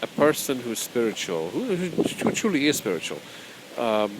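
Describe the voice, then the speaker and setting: A man's voice: medium pitch, huge pitch swings, normal speed, very noisy. A man as a spiritual teacher, talking casually and rambling through his own book, repeating phrases and chuckling often.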